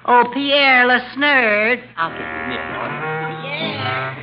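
A man voicing a cheeky boy dummy who teases with quick comebacks. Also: very high-pitched, animated, muffled recording, over music, pitched above the performer's own voice, exaggerated voice. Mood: teasing. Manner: sly, teasing, quick comebacks. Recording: hissy old radio broadcast.

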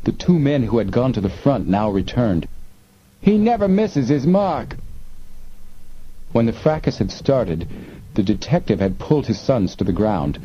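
Male narrator, measured suspense reading, lo-fi muffled sound with light hiss. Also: fairly low pitch. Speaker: audiobook narrator. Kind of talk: scripted narration.

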